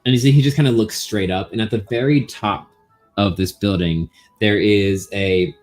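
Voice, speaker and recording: A man narrating a tabletop game as game master, relaxed and descriptive with fillers. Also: lowish voice.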